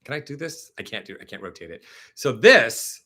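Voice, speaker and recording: Male live-stream host with a bright, forceful tone. He chats casually and tells stories with lots of fillers. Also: medium pitch, brisk. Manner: chatty, animated storytelling with many fillers; reads and answers viewer comments.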